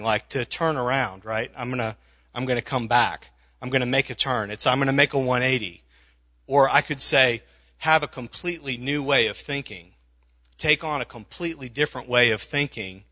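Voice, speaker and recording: A man's voice: mid-range voice, sharp tone, dull audio. A man preaching a sermon in a conversational way, with frequent restarts and asides. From not from the South. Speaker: pastor.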